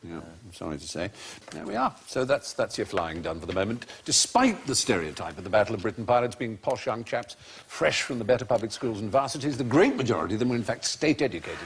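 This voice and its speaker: A man's voice: lowish voice, sing-song, fast, a little hiss or hum. A man hosting a panel quiz show, putting questions to the panellists and explaining answers.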